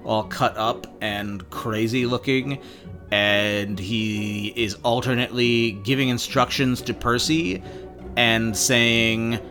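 A male podcast host giving a sardonic, profane chapter-by-chapter recap with quick asides. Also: mid-range voice, steady tone, pushed and bright, soft background music.

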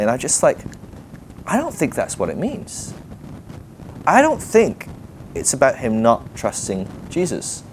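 A man giving a sermon in a loose, conversational way, animated and thinking aloud with fillers and quick laughs. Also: mid-range voice, slight background noise. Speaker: preacher. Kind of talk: sermon teaching.

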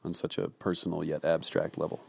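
A man's voice: low-pitched, little pitch movement, brisk, gravelly, a little hiss or hum. A man co-hosting a casual comedy chat, bantering playfully with a friend. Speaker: podcast co-host.

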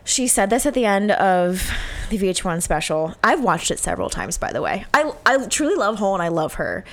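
A woman's voice: medium pitch, sing-song, a little fast. Chatty woman podcast co-host. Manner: chatty, gushing, many ums and likes. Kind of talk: casual chat.

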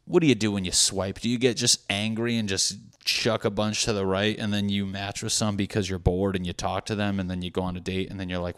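A man's voice: lowish voice, level tone, a little fast, hardly any pauses, clear, resonant tone. A man in his thirties chatting casually on a podcast, rambling and swearing freely with self-deprecating humor. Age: 30s.

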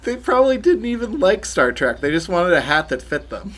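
A man's voice: high-pitched, big pitch swings, a little fast, noisy background. A man co-hosting a casual podcast, tossing in wry, blunt asides. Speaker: podcast co-host.

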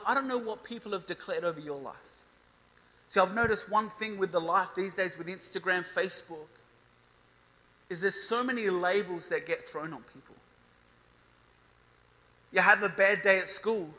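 In a reverberant hall, a man in his thirties preaches a youth sermon, making declarations and building emphasis as he reads scripture. His voice sits high and has a sharp tone.

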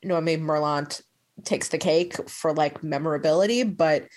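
A woman's voice: deep voice, moderate pace, darkish tone. A woman guest on a casual film podcast, offering hedged opinions.

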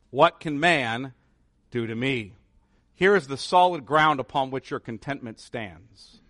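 A man's voice: medium pitch, a bit bright, dry recording, clean studio sound. A man preaching a sermon as pastor, earnest and rising to emphatic declarations.

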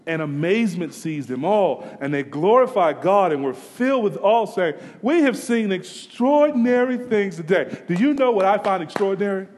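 A man preaching a sermon, swinging from hushed passages to emphatic, near-shouted climaxes. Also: high-pitched, animated, normal speed, hardly any pauses. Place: church sanctuary. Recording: long reverb of a large hall.

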